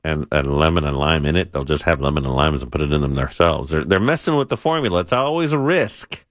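Male radio co-host, very low voice with a lively pitch, dry studio sound, blunt remarks. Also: fast talker, no room sound. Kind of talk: talk radio banter.

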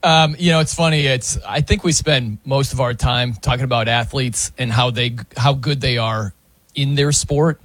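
A man hosting casual sports talk, animated and quick to laugh. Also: medium pitch, dry recording. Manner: animated, laughs often, slips into mock announcer voices.

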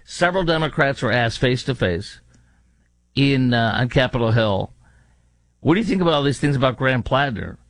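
A man's voice: mid-range voice, lively intonation, normal speed, fairly bright tone, no echo. Man, talk show host, political commentary, mocking tone, dry studio mic. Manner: sarcastic, mocking asides.

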